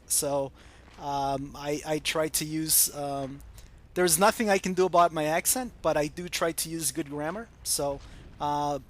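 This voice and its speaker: Hesitant American man with a slightly high voice. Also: a bit bright. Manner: hesitant, many ums and uhs. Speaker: gaming channel host. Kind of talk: casual chat answering viewer comments.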